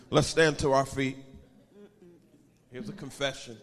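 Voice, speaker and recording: A man preaching a sermon as pastor, leading his congregation in prayer and repeat-after-me confession with sing-song shouted swells. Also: mid-range voice, flat delivery, unhurried, long reverb tail. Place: church sanctuary.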